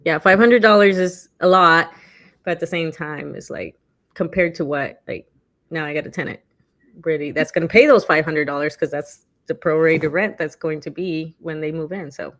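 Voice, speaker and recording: A woman's voice: sits low, moderate pace, a bit bright. A woman co-hosting a casual chat, talking loosely with lots of fillers and acting out quotes animatedly. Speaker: podcast co-host.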